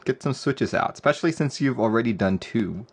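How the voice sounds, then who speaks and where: A man's voice: mid-range voice, expressive, a little fast, breathy edge. A man live-streaming a keyboard build, chatting casually and joking with viewers. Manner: laid-back, joking with chat, often laughing.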